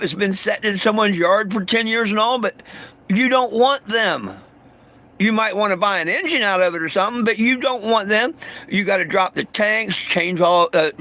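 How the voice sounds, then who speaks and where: Profane man with a high, bright voice. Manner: blunt and profane, stammering restarts, irritable. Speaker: vlogger livestreaming to viewers. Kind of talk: casual livestream rant.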